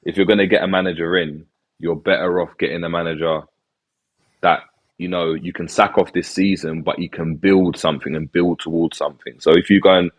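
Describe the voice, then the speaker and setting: Man, panel guest, very deep voice, measured, unhurried. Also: steady tone. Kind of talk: casual football discussion.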